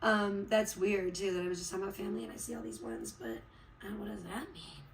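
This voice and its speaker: A woman's voice: mid-range voice, lively intonation, fast talker, slight background noise, poor audio. A woman from Chicago chatting casually on a livestream, rambling and heartfelt, with many fillers, just getting over being sick. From Chicago, USA. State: recovering from illness.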